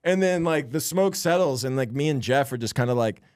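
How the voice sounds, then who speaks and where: A young man, a stand-up comic co-hosting a podcast, telling a story in lively bursts and laughing as he goes. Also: mid-range voice, fairly quick, no room sound, clean studio sound. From Florida. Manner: animated storyteller, laughs mid-sentence. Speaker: stand-up comedian and podcast co-host. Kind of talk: casual podcast chat.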